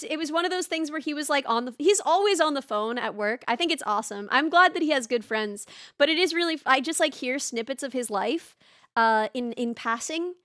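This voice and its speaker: A woman's voice: high voice, a bit bright, no room sound, studio quality. A young woman streaming from home, chatting casually and rambling through stories and chat replies, with lots of restarts and laughs. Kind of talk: casual chat reading live chat.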